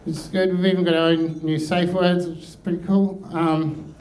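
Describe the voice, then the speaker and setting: A man doing a hesitant, deadpan stand-up routine full of ums and pauses. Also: on the high side, rough recording. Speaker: stand-up comedian.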